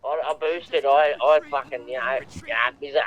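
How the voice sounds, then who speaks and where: A man's voice: mid-range voice, steady tone, moderate pace, muffled recording. A man talking casually to other players in a roleplay game. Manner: casual mate-laden chatter.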